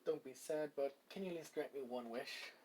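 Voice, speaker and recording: A gentle young woman who speaks softly and thanks those around her, her lines coming out halting and full of restarts. A man reads her in a near-ordinary voice. The delivery sounds like a casual spoken fan story. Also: medium pitch, close to an everyday voice, rough recording. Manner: halting, with filler words and restarts.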